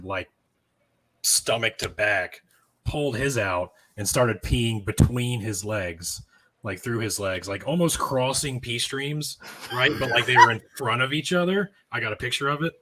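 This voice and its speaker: A man on a veterans panel, explaining in a relaxed casual way with many fillers. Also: on the low side, normal speed. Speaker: panel guest.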